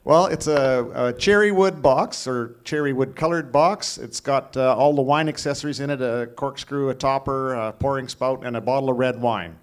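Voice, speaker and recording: A man's voice: medium pitch, moderate pace, hardly any pauses, clean tone. A middle-aged man from Alberta, Canada, introducing himself and calling bids as a student auctioneer.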